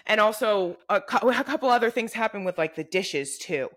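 A young woman co-hosts a casual podcast, telling a story with plenty of swearing. Her voice is bright and forceful, and she acts out quotes with animated energy. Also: medium pitch, moderate pace. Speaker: podcast co-host. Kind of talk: casual chat.

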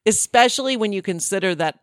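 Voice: mid-range voice, lively intonation, fairly quick, no room sound, clean studio sound. A co-host reading out quirky local news stories in a casual, amused podcast chat. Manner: chatty, amused, many fillers and restarts.

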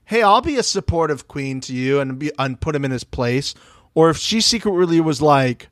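A man's voice: on the high side, normal speed, no room sound, clean studio sound. A man co-hosting a podcast in casual, profane chat, often quoting other people as he talks. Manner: animated, profane, quotes others. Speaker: podcast co-host.

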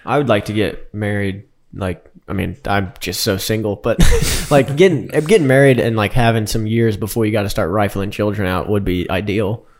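A man's voice: on the low side, normal speed, few pauses. A young man co-hosting a podcast, teasing and swearing in casual chat. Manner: crude, teasing, profane. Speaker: podcast co-host.

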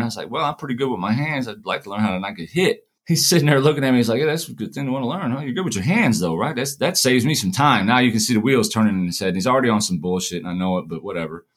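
Man, fast talker, animated storytelling, acts out voices, casual swearing. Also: medium pitch, slightly rough. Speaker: podcast guest telling prison stories.

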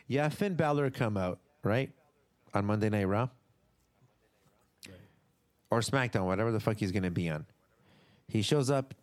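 A man's voice: on the low side, a little slow, long pauses. A man co-hosting a podcast, chatting casually and animatedly, swearing and acting out what others might say. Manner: animated, swearing, acts out quotes. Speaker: podcast co-host. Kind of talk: casual wrestling chat.

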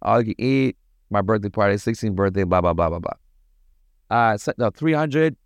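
A man from Toronto, a podcast guest telling stories in a casual, animated, slangy way. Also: on the low side, normal speed, no room sound. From Toronto, Canada. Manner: animated, slangy, acts out voices in his anecdotes. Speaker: podcast guest, party promoter. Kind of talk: casual storytelling.

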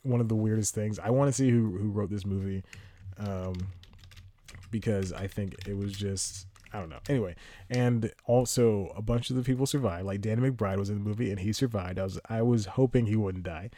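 A man's voice: lowish voice, a little fast, warm tone. A man hosting a podcast, chatting casually about a movie he watched, rambling and cutting himself off, chuckling often. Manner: rambling, self-interrupting, chuckling. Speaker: podcast host. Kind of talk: casual movie review chat.

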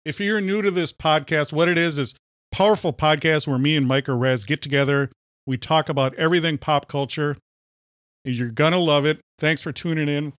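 Ranting jokey man, slightly high voice. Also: steady tone, moderate pace, a bit bright, dry recording, clean studio sound. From Minnesota. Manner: ranting, jokey, says "powerful" often. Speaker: podcast co-host. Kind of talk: casual podcast banter.

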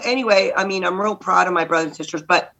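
A middle-aged woman from Texas, a guest candidate telling lively stories in a podcast interview and acting out the voices in them. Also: fairly low pitch, fairly quick, vocal fry, poor audio. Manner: lively, acts out voices in anecdotes. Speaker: guest, state senate candidate. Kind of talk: animated storytelling in a podcast interview.

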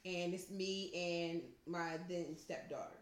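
A woman telling a story in casual chat, animated and profane, laughing often and acting out what people said. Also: fairly low pitch, takes it slowly. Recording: echoey room.

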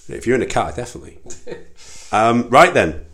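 A man's voice: mid-range voice, expressive, brisk, a bit bright, reverberant. A man co-hosting a casual podcast chat, talking in a chatty way, laughing often and restarting his sentences. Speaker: podcast co-host.

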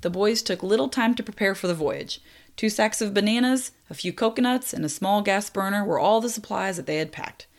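A young woman narrating a true story in a lively way, with apologetic, self-deprecating asides. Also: medium pitch, a little fast. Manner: lively, laughs at own slips, apologetic asides.

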